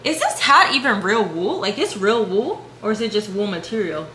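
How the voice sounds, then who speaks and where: A young woman vlogging at home, chatting casually and slangily while shopping online, gasping and whispering when excited. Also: mid-range voice, moderate pace. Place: room at home. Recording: echoey room with faint hum.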